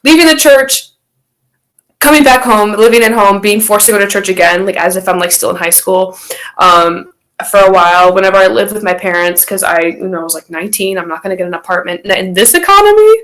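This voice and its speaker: A young woman talks casually as a podcast guest. She rambles through a personal story, packing it with fillers, restarts and acted-out quotes. Her pitch sits in an ordinary middle range. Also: lively intonation, fairly quick, fairly bright tone, rough recording.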